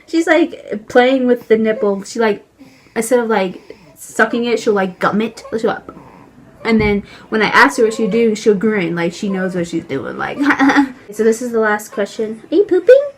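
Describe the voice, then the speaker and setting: A woman's voice: a little high, a little slow. A young woman and new mother talking casually to camera at home while feeding her baby, chatty and full of filler words.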